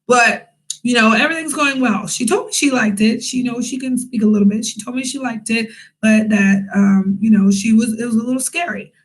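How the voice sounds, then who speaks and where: A young woman telling a casual storytime vlog, chatty and animated, with many fillers and asides to her viewers. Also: fairly high pitch, brisk, low-quality recording. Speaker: vlogger, English teacher in Korea.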